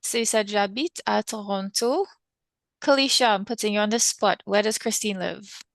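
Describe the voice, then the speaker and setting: A woman's voice: medium pitch, a little fast, vocal fry, fairly bright tone, no echo. A woman teaching an online French class, encouraging her students and mixing English with French phrases.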